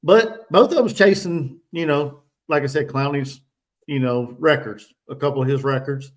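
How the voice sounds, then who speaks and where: A man's voice: on the high side, moderate pace. A man hosting a casual sports chat, hesitant, often restarting his sentences. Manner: hesitant, restarts a lot, full of ums. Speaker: host.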